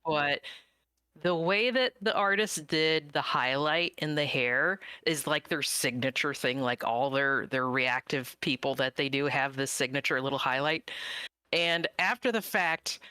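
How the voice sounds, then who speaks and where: A guest in casual conversation, telling a story playfully and excitedly with lots of giggles. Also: mid-range voice, measured pace, clean tone, no echo. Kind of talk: casual chat.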